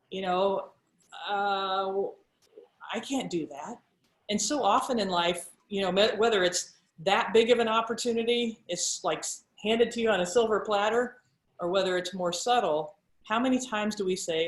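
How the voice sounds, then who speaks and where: Middle-aged woman broadcaster, animated storyteller who voices her quotes; echoey room sound. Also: medium pitch, moderate pace. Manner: lively, acts out quoted dialogue. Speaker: sports broadcaster guest. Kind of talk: conversational storytelling.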